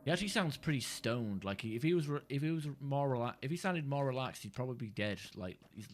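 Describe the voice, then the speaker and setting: A man's voice: mid-range voice, expressive, fast talker, a little hiss or hum. A man streaming a game, chatting casually in a rambling, sweary way that keeps cutting himself off. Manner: rambling, sweary, self-interrupting. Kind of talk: casual gameplay chat.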